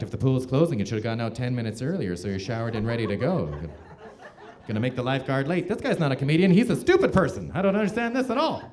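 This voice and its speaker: A man's voice: medium pitch, a little mellow. A Canadian man doing sarcastic stand-up and hosting a talent show on a theater stage, slipping into voices in his stories. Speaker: host and stand-up comedian. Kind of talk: stand-up comedy and emceeing. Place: theater stage with live audience.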